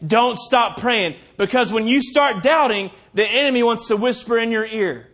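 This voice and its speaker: A man preaching a sermon as pastor, swinging from booming declarations to hushed asides and slowing down hard to stress key phrases.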